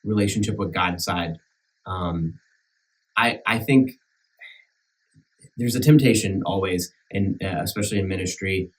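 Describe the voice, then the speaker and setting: Back from a sabbatical, a minister with a rural American country accent talks casually and earnestly on a church podcast. His very low voice halts and loops back over itself, full of fillers and restarts. He is recorded slightly away from the mic.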